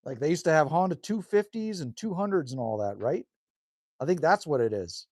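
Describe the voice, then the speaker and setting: A man on a live stream, talking outdoors in the cold and answering his viewers' comments as they come in. His voice sits a little high and swings up and down a lot, and the sound is close and dry. He rambles easily and corrects himself as he goes. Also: expressive, brisk, darkish tone, no room sound. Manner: chatty, reads viewer comments aloud and answers them; laid-back, rambling with self-corrections. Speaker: live streamer reading chat. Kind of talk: casual live-stream chat.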